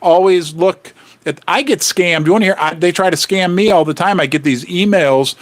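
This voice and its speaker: A man hosting a casual livestream, rambling and animated as he chats with viewers. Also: sits high, normal speed. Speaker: livestream host. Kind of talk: casual livestream chat about finance.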